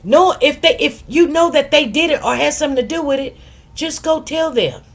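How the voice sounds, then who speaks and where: Female commentary host, casual and animated storyteller, many restarts and asides to viewers. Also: high-pitched, normal speed, vocal fry. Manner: animated storyteller who acts out quotes in different voices. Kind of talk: casual commentary on a court case.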